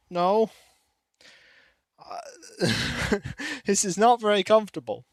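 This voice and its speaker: A man streaming a game from a warm room at home, rambling and chatty, greeting viewers by name and cooing softly to his cat. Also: high voice, big pitch swings, slow pace, pauses often, no room sound. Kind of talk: casual stream chat.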